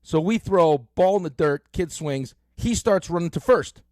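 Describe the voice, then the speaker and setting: A middle-aged man hosting a sports radio show, telling stories in an animated way with lots of fillers, on a close studio mic. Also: on the high side, moderate pace, no echo. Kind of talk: casual sports talk.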